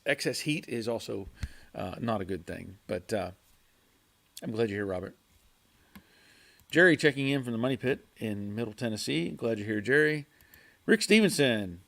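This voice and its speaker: Speaking at medium pitch with a gravelly, slightly bright voice, a man streams casually from his home garage. He chuckles a lot while reading viewer chat, answering haltingly and repeating words.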